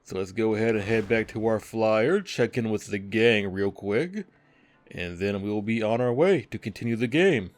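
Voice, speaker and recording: A man talks through a video game in a relaxed, rambling way, full of fillers. His voice sits a little low and sounds dry and close, with no room around it. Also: dry recording. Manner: rambling, laid-back, drawn-out fillers. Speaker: game commentator. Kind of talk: casual gameplay commentary.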